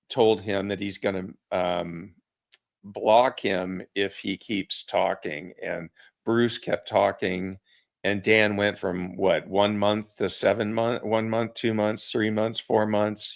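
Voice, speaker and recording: A man hosting a casual online chat, retelling stories in a relaxed way. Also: fairly low pitch, measured pace, gravelly. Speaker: host.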